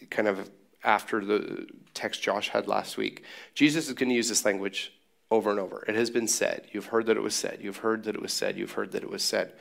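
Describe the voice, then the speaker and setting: A man's voice: lowish voice, gravelly, a bit bright. A man preaching a sermon in a casual, joking way with sarcastic asides. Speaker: pastor.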